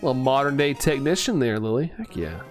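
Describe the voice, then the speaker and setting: A man's voice: medium pitch, sing-song, normal speed, soft background music. A young man streaming, chatting casually with his audience, reading their comments aloud and laughing at himself. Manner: chatty, self-mocking, reads chat aloud and laughs often. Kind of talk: casual live-stream chat.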